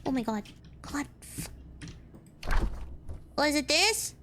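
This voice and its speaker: A woman's voice: high voice, sing-song, takes it slowly, pushed and bright, slight background noise. A woman streaming a horror game, chatty and jumpy, laughing nervously when scared. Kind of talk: horror game let's play.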